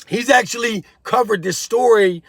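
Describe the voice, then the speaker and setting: A man's voice: high-pitched, moderate pace, fairly bright tone, dry recording. A man hosting a casual commentary vlog, talking bluntly in streetwise slang and lecturing the viewer directly. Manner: blunt, streetwise, preachy, addresses viewer as bro and homie. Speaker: host of a prison-life commentary channel.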